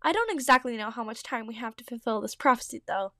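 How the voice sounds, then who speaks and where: A woman voicing an earnest young tomcat fleeing his clan, in a fan story read aloud, in an earnest, slightly lowered storytelling voice. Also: expressive, quick pace, bright, forceful tone, no echo, clean studio sound.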